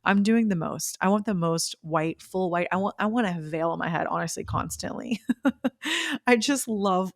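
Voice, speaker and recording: A woman's voice: medium pitch, lively intonation, moderate pace, dry recording, clean studio sound. A young woman hosting her own podcast, casually telling a personal story in a bubbly, gushing way with bursts of laughter. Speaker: podcast host. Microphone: podcast microphone.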